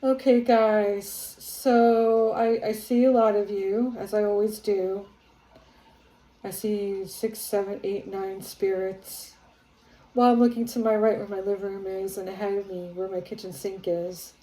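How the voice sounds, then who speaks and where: A woman psychic medium talking casually on her home vlog, rambling with many fillers and growing excited as she channels spirits. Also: mid-range voice, a little slow, roomy sound, poor audio. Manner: grows excited and awed while channeling. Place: her home, near living room and kitchen.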